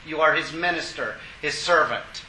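A male preacher delivers a sermon, stopping the scripture reading to explain it with emphasis and exclamations. His voice sits high and rings very brightly. The sound echoes around a roomy church room. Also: moderate pace, slight background noise. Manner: emphatic, exclaiming, chuckles at asides. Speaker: pastor.

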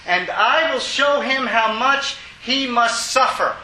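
A preacher reading the solemn voice of the Lord. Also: male voice, very high voice, slow pace, pushed and bright, reverberant, slight background noise, pitched above the performer's own voice, full character voice, low-quality recording. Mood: commanding.

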